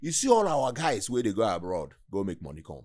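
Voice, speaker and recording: A Nigerian man with an Igbo accent, a guest in an interview, telling stories in an animated, casual way. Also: on the low side, brisk. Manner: animated storytelling, acts out quoted voices.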